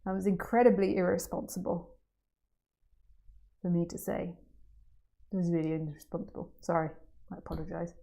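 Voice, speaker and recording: A woman giving a spiritual talk to a group, playful and jokey, swinging from hushed questions to excited outbursts. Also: on the low side, moderate pace, vocal fry, long pauses. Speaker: non-duality teacher.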